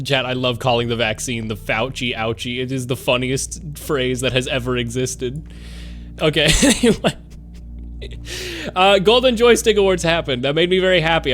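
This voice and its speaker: Rambling, excitable male streamer. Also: medium pitch, slight background noise. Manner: rambling, excitable, swears freely. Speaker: live streamer. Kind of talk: casual live-stream chat.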